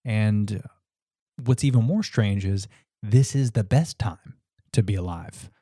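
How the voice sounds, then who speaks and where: A man's voice: fairly low pitch, slow, dark tone, dry recording, studio quality. A man hosting his podcast in casual chat, laid-back, with lots of fillers and swearing. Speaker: podcast host.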